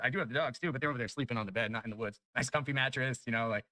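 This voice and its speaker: A man giving chatty, excitable commentary over his own gameplay, jumping up in pitch when good loot drops. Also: fast, dry recording, rough recording. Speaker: gaming YouTuber. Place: home room.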